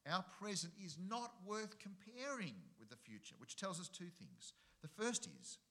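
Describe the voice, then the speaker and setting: A man's voice: sits high, huge pitch swings, moderate pace, sharp tone. A middle-aged man, preaching a sermon and driving his points home with rhetorical questions and repetition. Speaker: pastor.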